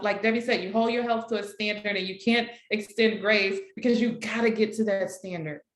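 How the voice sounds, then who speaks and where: A woman's voice: medium pitch, fairly bright tone, reverberant. Encouraging woman leading a workshop. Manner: encouraging, affirming, repetitive. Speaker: workshop facilitator. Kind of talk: online workshop talk.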